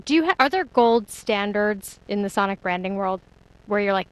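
A woman interviewing guests, asking short questions in a brisk, upbeat way. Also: mid-range voice, lively intonation, no echo, rough recording.

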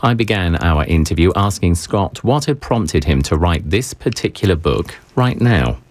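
A male public radio host who interviews a guest and reads station announcements in a measured, polished way. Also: low voice, sing-song, dry recording. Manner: measured, polished broadcaster delivery. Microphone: studio microphone.

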